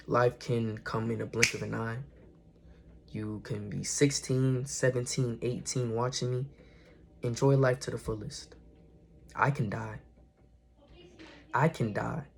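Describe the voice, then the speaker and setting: Young dude vlogging motivational stuff, earnest, kinda rambly, slangy, normal pitch. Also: male voice, creaky, a little hiss or hum. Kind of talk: casual motivational talk to camera.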